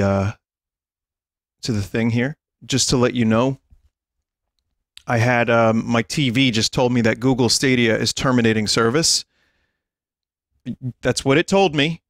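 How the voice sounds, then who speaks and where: A man streaming to his chat, talking slowly and in an unhurried way, with frequent bursts of laughter as he reads down a list. His voice sounds close and dry, with a mid pitch. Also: no room sound. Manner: amused, laughs often while reading a list aloud. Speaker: livestream host.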